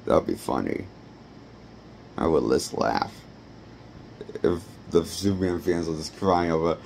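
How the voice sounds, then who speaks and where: A man's voice: sits low, moderate pace, darkish tone, slight background noise. A man giving a rambling, blunt and profane movie review. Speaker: movie critic. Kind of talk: ranting film review.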